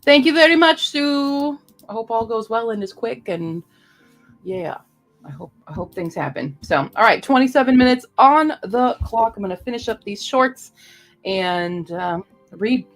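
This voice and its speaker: A woman's voice: a little high, expressive, unhurried, soft background music. A woman streamer chatting casually and rambling to her viewers. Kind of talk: casual live-stream chat.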